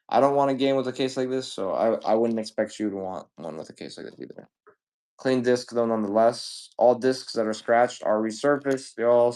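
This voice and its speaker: A man selling used games on a livestream, rambling casually with profane jokes and shout-outs to chat. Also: mid-range voice. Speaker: live sale seller.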